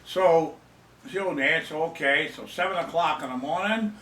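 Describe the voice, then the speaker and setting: A man's voice: a little high, normal speed, pushed and bright, far from the mic, a little hiss or hum. An older man telling a story in a casual, rambling way. He mocks himself and repeats his phrases. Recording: echoey room, away from the mic.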